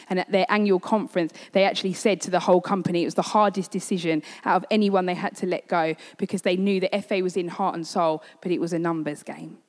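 A woman's voice: on the low side, steady tone, brisk, darkish tone. A woman giving a sermon, telling a personal story in an earnest way. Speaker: preacher. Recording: long hall reverb.

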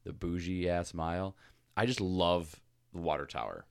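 Deep-voiced man making deadpan jokes. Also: unhurried, creaky, clean tone, no echo, clean studio sound. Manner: joking, deadpan asides. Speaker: podcast co-host. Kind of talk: casual chat.

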